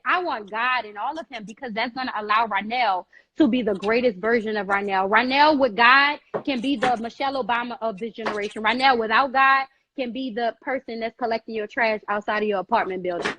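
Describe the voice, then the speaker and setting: A woman giving emphatic, preachy advice in an animated way, repeating phrases and calling the listener girl, on a live video call. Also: on the high side, a little fast, slight background noise, low-quality recording.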